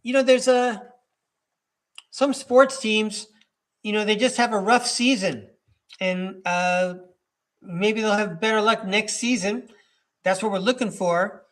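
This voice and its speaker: A man's voice: high voice, steady tone, slow, pauses often, a bit bright. A man hosting a live-streamed tarot reading, chatting easily with viewers and reading card keywords aloud one by one. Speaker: tarot reader and livestream host.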